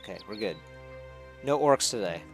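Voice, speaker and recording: A man's voice: fairly low pitch, animated, moderate pace. A man giving casual let's play commentary as he plays, chuckling and rambling. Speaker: gamer. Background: faint music.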